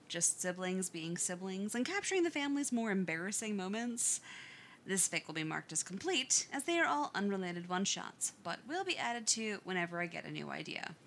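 A woman reading a fan fiction story aloud in an expressive audiobook style. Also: a little high, slight background noise. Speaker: story reader.

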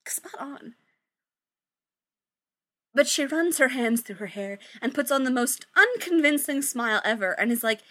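A woman reads a story aloud, swearing casually and stopping for playful side remarks to her listeners. Her voice is bright and forceful and sits somewhat high for a woman. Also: animated, a little slow, pauses often. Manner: chatty, swears, breaks off for joking asides. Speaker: story reader. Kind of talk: reading fan fiction aloud.

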